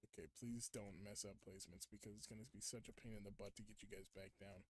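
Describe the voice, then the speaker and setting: A man's voice: on the low side, flat delivery, quick pace, slight background noise. A young man streaming a game, chatting casually, laughing often and acting out quotes. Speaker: gaming streamer. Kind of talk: casual gameplay chat.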